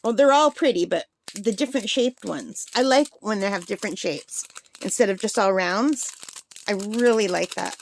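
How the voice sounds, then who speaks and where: A woman's voice: medium pitch, normal speed, vocal fry, a little hiss or hum. A middle-aged woman talking casually and rambling as she works on a craft vlog, laughing often. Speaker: craft vlogger.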